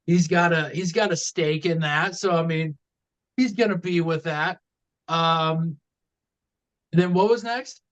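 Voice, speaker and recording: A man's voice: on the high side, steady tone, unhurried, pauses often, poor audio. A man co-hosting a casual wrestling podcast, rambling with lots of fillers and restarts. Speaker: podcast co-host.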